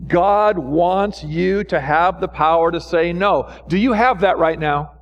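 A man with a high voice for his sex preaches a sermon to his congregation. He is fervent and keeps asking rhetorical questions. His pitch leaps upward whenever he exhorts. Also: a little slow, lo-fi sound. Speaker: pastor.

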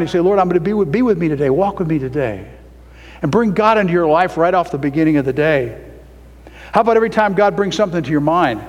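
A man preaching a sermon, emphatic, with his voice climbing to loud high peaks. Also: long reverb tail.

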